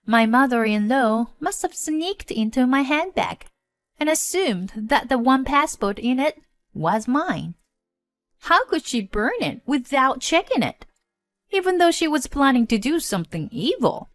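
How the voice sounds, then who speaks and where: Slow, expressive woman narrating a story. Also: on the high side, no echo. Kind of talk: first-person story narration. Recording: dry close voice-over with faint music.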